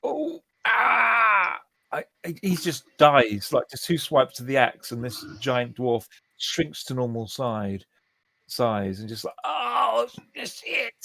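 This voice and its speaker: A man running a tabletop role-playing game, narrating the action with lively energy. He slips into quick, squeaky character voices now and then. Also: no room sound, rough recording. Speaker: game master.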